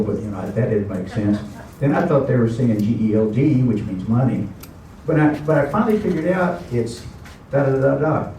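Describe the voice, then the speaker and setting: A man's voice: mid-range voice, dark tone, a little hiss or hum. Man teaching in an echoey classroom. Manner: chatty, explains words with asides and repetition. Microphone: camera mic at a distance. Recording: very echoey room, distant camera mic.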